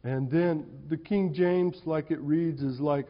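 A male preacher delivering a sermon in an animated, conversational storytelling way in a church hall. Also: fairly high pitch, takes it slowly. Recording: dull, reverberant hall sound.

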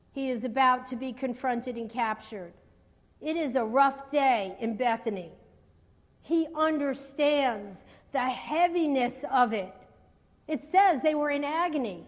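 A woman preaching a sermon in a conversational, animated way, retelling a scripture story and acting out its quotes. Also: high-pitched. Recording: dull sound in a hall with long reverb.

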